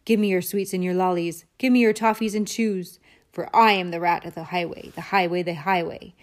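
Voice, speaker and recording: A woman voicing a greedy, bullying male rat highwayman in a storybook reading, with a loud, boastful sing-song chant. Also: steady tone, fairly quick, natural voice.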